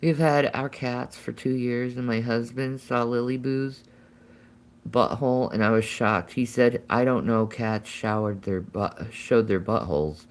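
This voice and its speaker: A woman's voice: a bass voice, steady tone, a little slow. A woman chatting casually with viewers on a live stream, answering comments and cooing to her pets now and then.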